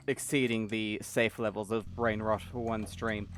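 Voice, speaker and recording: A man's voice: on the low side, level tone, a little slow, slight background noise. A man chatting casually on a live stream, reading out viewer messages with wry remarks.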